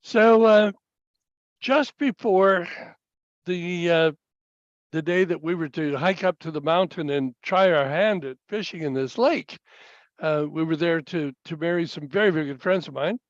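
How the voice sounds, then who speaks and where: Older male storyteller at a webinar, high-pitched, unhurried and halting, chuckles now and then. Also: dry recording, lo-fi sound. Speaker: speaker telling stories.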